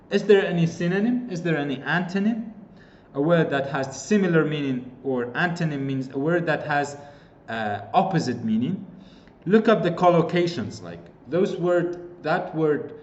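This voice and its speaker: A Kurdish-accented man teaches English skills, repeating examples and filling pauses with "uh". His fairly high voice moves a lot in pitch. The recording is roomy and a bit muffled. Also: darkish tone, slight background noise. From Kurdistan region of Iraq. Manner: explains with repeated examples, frequent fillers. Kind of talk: online lecture.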